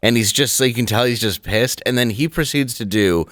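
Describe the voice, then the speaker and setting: A man telling a comedy club story in casual chat, blunt and deadpan. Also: mid-range voice, brisk, no room sound, studio quality. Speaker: comedian guest.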